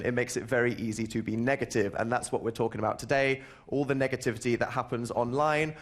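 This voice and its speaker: Young man hosting a radio show. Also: mid-range voice. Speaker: host. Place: radio studio.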